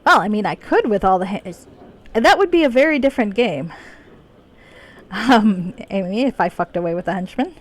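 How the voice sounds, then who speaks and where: A woman's voice: medium pitch, expressive, moderate pace. A woman live-streaming a video game, chatting casually, laughing often and reading the game's dialogue aloud in her own voice.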